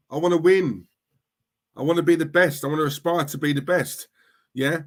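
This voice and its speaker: Fired-up guy on a stream, middle-aged, keeps going "yeah? right?", fairly high voice. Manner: fired-up, repetitive, asks "yeah? right?" constantly. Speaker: streamer, football fan. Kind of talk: livestream rant reading chat.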